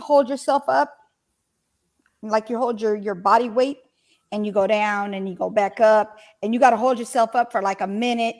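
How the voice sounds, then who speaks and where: A woman chatting casually on a live video call panel, rambling and correcting herself as she talks. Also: on the high side. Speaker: panelist on a live online talk show. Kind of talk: casual live-stream chat.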